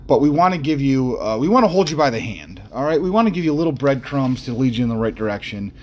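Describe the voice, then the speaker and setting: A male podcast host talking off the cuff at a middle pitch. He rambles bluntly, restarts sentences and fills pauses with "uh" and "um," with mildly crude jokes along the way. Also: very animated. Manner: mildly profane, jokey asides. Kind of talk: unscripted podcast monologue.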